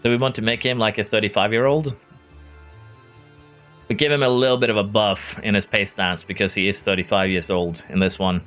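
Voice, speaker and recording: Fairly low-pitched and a bit bright, this Norwegian streamer speaks fairly quickly in a steady tone over faint background music. He chats about a racing management game, reading chat, replying to viewers by name, and chuckling frequently.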